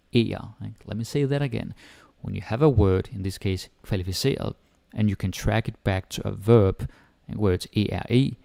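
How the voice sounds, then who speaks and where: Low gravelly Danish-accented male teacher. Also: no echo. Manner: relaxed, explains step by step, switches between English and Danish. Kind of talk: casual language lesson.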